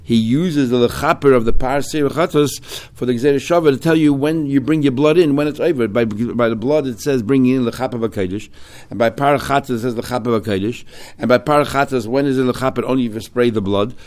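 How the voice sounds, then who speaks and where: A man's voice: mid-range voice, fairly quick, darkish tone. A man teaching a Talmud class, reading Hebrew phrases in a chanting cadence and explaining each one in English. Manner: explains line by line, switching between Hebrew terms and English.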